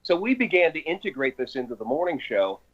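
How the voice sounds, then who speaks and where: A man from Ohio, a radio sportscaster guest, telling lively stories about his old morning show. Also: fairly high pitch, quick pace, slightly rough, narrow, tinny audio. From Ohio, USA. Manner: animated, eager storyteller. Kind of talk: casual chat.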